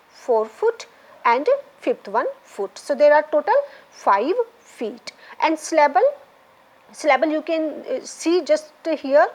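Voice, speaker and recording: A woman teaches a literature class, her high voice rising and falling widely as she goes. She speaks slowly and repeats each point, often pausing to ask "right?" or "okay?". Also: rough recording. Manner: repetitive, explanatory, checks in with "right?" and "okay?". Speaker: English literature lecturer. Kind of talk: classroom lecture.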